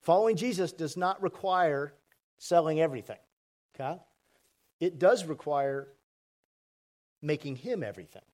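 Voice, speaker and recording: A pastor preaching a sermon to a congregation, conversational and asking the audience questions. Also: male voice, a little high, lively intonation, normal speed, pauses often, darkish tone. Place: church hall with congregation. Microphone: handheld mic.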